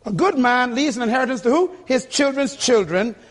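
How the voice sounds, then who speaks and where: Older man, sermon, husky voice, high lively delivery, emphatic, live church audio. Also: fairly quick. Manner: emphatic, calls for congregation responses. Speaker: preacher. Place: church sanctuary.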